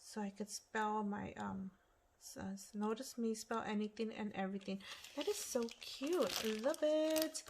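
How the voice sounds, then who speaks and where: A woman's voice: medium pitch, moderate pace, slight background noise, poor audio. A woman hosting a crafting channel, chatting casually and gushing over each item she unwraps. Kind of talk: casual unboxing chat. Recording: loud crinkling paper handling. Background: paper crinkling and tearing.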